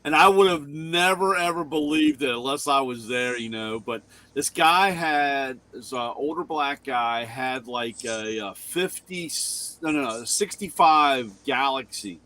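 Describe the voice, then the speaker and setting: Bright-voiced man rambling through a story. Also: mid-range voice, a little slow, hardly any pauses. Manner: rambling, self-correcting storyteller. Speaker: show co-host; shop owner. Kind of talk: casual storytelling chat.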